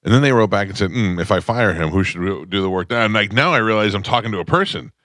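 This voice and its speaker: Radio host, man, very low voice, dry deadpan delivery, close dead studio sound. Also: fast talker, no echo. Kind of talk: casual talk radio banter.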